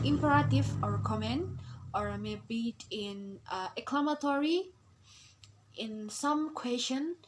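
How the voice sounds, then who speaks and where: Slow, hesitant young woman. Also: a little high, slight background noise, rough recording. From Indonesia. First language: Indonesian. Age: young adult. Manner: hesitant, with frequent pauses and fillers. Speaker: student presenter. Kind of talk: explaining a class assignment.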